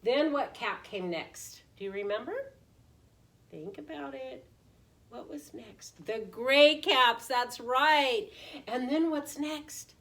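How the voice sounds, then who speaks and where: A woman preschool teacher reading a picture book aloud in an animated way, often asking the children questions. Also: high-pitched, slow. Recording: voice distant from the mic.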